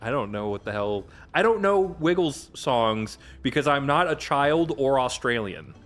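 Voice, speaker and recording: A man's voice: mid-range voice, expressive, unhurried, a bit bright, soft background music. A man co-hosting a gaming stream who chats casually, teasing his partner and swearing freely.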